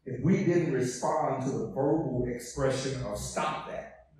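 A man preaching a call-and-response sermon, swelling from soft passages to shouts and stretching out key words. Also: medium pitch, moderate pace, a little hiss or hum. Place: church sanctuary. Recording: echoey hall, preacher far from the mic.

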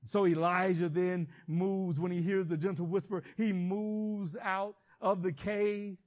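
A man preaching a sermon, swinging between shouted emphasis and quiet, reflective teaching. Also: high voice, flat delivery, unhurried.

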